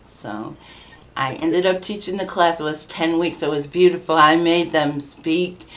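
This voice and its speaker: Low-voiced chatty woman telling stories. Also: measured pace, fairly bright tone, a little hiss or hum. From New Bedford, Massachusetts, USA. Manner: chatty, laughs often, acts out quoted voices. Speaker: guest, children's book author. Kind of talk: casual conversational storytelling.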